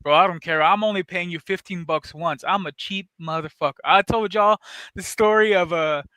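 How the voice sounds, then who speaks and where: A man hosts a casual podcast, trading loose, profane stories and laughing as he goes. His voice sits high and bright, smooth and crisp, recorded close and dry with no room around it. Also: moderate pace, no room sound. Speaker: podcast host. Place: San Antonio area.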